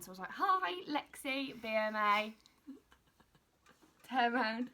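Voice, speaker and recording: A young woman with a bright, fairly high voice tells stories in a relaxed chat. She giggles a lot and acts out the lines of the people in her stories. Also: a little slow, pauses often. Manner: animated, giggly, acts out quotes. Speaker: vlogger, model. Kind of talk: casual storytelling chat.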